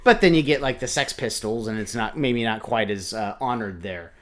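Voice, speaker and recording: Musing middle-aged man. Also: on the low side. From United States. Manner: musing, thinks aloud with halting restarts. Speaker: reaction video co-host, father. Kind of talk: casual reaction chat.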